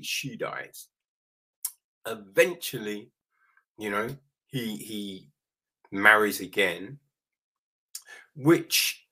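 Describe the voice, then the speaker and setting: Man, casual film recap, unhurried delivery, bright forceful tone, rambling and profane. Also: medium pitch, breathy edge. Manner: rambling, profane, asks listeners "right?". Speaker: film reviewer.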